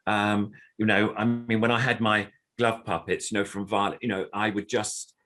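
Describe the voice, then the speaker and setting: A man's voice: fairly low pitch, little pitch movement, moderate pace, fairly bright tone. An older man, a veteran puppeteer, explaining his craft in an interview over a computer video call and now and then demonstrating little puppet voices. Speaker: puppeteer guest.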